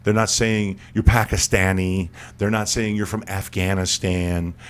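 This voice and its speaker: A man hosts an internet radio chat in a lowish voice. He jokes and laughs a lot and stumbles over his words, repeating them as he talks. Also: little pitch movement, a little slow, clean tone. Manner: joking, stammering, repeats words, laughs often. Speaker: radio show host. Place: studio.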